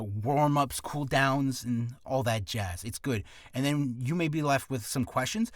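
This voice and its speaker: A man's voice: mid-range voice, no room sound. A man who is an aspiring voice actor talks through a casual tutorial vlog from a home studio, rambling and correcting himself as he goes. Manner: rambling, self-correcting, animated.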